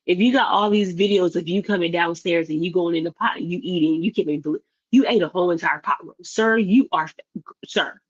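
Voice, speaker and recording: Woman ranting about some videos, blunt and animated, kinda muffled audio. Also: fairly low pitch, a little fast, husky. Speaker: streamer commenting on videos. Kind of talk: casual commentary rant. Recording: slightly dull lo-fi audio.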